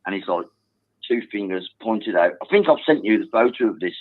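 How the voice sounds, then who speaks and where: A man calling a football phone-in, telling a story excitedly and swearing now and then. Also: fairly low pitch, brisk, dry recording. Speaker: caller. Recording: tinny phone line.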